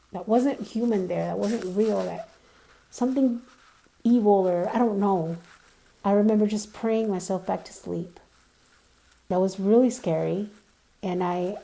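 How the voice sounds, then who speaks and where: A woman's voice: mid-range voice, gravelly, mellow. A young woman vlogger casually telling a personal story, rambling with lots of "like" and "you know".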